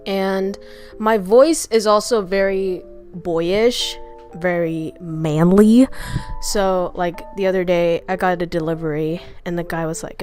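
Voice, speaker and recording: A woman's voice: fairly low pitch, unhurried, faint music behind. Frank, foul-mouthed woman streamer chatting. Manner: frank, crude joking, laughs often. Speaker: VTuber streamer. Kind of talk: casual Q&A chat.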